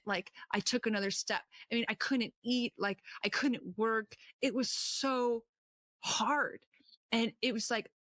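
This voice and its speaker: A woman telling a personal testimony in a lively storytelling way, acting out what people said with sudden jumps up in pitch. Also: no room sound, clean studio sound. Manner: animated, acts out quotes with sudden high pitch jumps. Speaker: testimony speaker.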